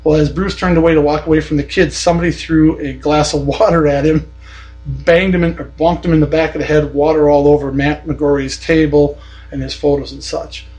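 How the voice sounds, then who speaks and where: A man's voice: fairly high pitch, level tone, fairly quick, a little mellow, faint music behind, poor audio. Blunt, profane man telling a grudge story. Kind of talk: casual ranting anecdote.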